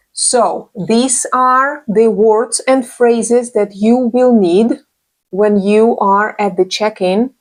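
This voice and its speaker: A woman teaching a beginner English lesson, speaking slowly and repeating each phrase carefully. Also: mid-range voice.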